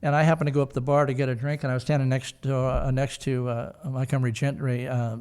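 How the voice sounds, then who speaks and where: A man's voice: medium pitch, little pitch movement, fast, darkish tone, clean tone. An older man telling a long personal story in an interview, rambling with many fillers and restarts. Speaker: guest, son of the founders.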